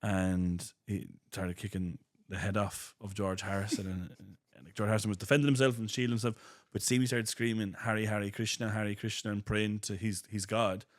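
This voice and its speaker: Low-voiced man spinning stories. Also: fairly even intonation, fairly quick, hardly any pauses. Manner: rambling storyteller, acts out quotes. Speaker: comedian podcast host. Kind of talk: casual comedic chat.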